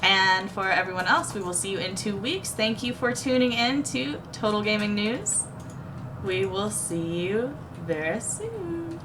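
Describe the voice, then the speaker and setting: A woman's voice: mid-range voice, animated, a little slow. Giggly woman hosting a gaming show. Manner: giggly, friendly, chatty. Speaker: host of a gaming news show.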